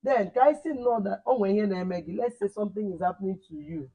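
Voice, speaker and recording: A man teaching a language lesson online, repeating words slowly and correcting his pupils. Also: sits high, mellow, low-quality recording.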